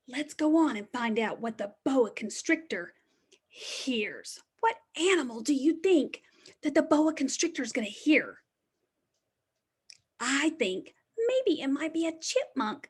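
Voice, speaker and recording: A woman reading a picture book aloud to young children as their preschool teacher, animated and sing-song, often dropping to a hushed whisper. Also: high voice.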